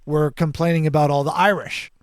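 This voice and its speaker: A man co-hosting a podcast, talking in halting bits with many restarts. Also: fairly high pitch, steady tone, dry recording, clean studio sound. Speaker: podcast co-host. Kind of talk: casual podcast chat.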